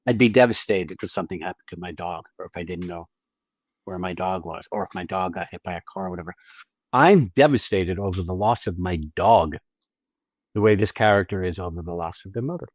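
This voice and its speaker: A man co-hosts a podcast about acting, laying out technique in a blunt, profane, emphatic way, often restarting his phrases. His voice sits on the low side. The sound is dry and close, with no room around it. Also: fairly quick, no echo. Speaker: podcast co-host and acting teacher. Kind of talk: casual explanatory chat.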